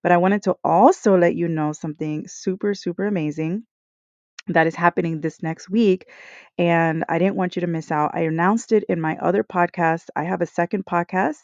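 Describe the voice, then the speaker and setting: A woman's voice: on the low side, steady tone, moderate pace, darkish tone, dry recording. A woman hosting a podcast, giving a casual devotional reflection in an earnest, rambling way, full of "like" and "you know", on a small computer microphone. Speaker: podcast host. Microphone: small computer microphone, recording live. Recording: dull lo-fi, dry sound.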